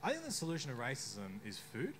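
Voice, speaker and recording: A young man with an Australian accent doing a stand-up comedy set on a bar stage, deadpan with sudden outbursts. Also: medium pitch, fast talker, slight background noise. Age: young adult. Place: bar stage before a live crowd.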